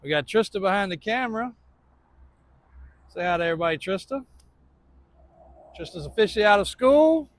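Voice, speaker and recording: A man's voice: high-pitched, lively intonation, normal speed, pauses often. A man in his thirties, a truck shop owner, rambling through a casual walkaround update of his lot, laughing often.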